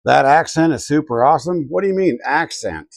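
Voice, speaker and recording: A man's voice: a little high, animated, brisk, creaky, no echo. Chatty man streaming from his workshop. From Colorado. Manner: muttering to himself, reading chat aloud. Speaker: livestream host. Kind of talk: casual live-stream chat while working.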